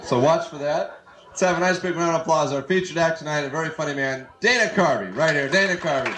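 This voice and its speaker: Male emcee, slightly high voice, live club intro; echoey old tape with crowd. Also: fast talker, sharp tone, a little hiss or hum. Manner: announcing, hyping the crowd. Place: comedy nightclub stage.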